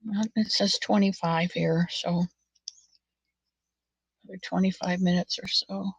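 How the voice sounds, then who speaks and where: At home with her knitting, a woman who runs a knitting channel chats through a knit-along, spinning folksy, rambling stories that drift from topic to topic and slipping into soft muttered asides. Her voice sits low and husky with vocal fry, her tone steady and pace measured. The recording is dry and a little muffled.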